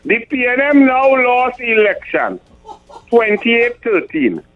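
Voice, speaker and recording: A man's voice: extremely high pitch, sing-song, slow pace, music in the background. A middle-aged man with a Trinidadian accent, hosting a talk radio show and giving emphatic political commentary, often stumbling over numbers. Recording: tinny phone-like radio sound.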